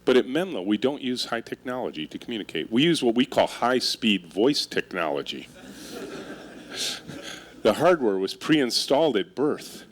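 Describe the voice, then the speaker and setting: A middle-aged man delivers a keynote to a live audience, his pitch leaping up and down as he tells stories. He speaks at a medium pitch with wry, self-mocking humor and keeps pulling the crowd in with questions. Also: normal speed. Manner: animated storytelling with audience interaction. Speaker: keynote speaker and company leader. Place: stage before a live audience.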